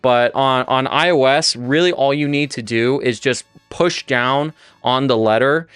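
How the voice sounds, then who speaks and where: A man's voice: medium pitch, a little slow, a bit bright, smooth, no room sound. A man who is a native English speaker, teaching Spanish on a casual livestream, rambling and often restarting his sentences. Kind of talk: livestream lesson.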